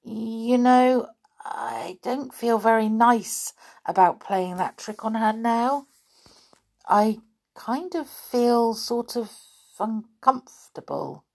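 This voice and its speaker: Storybook: gentle, solemn teddy bear, read by a woman, soft and slow. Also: fairly high pitch, gravelly, heavily acted. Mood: worried.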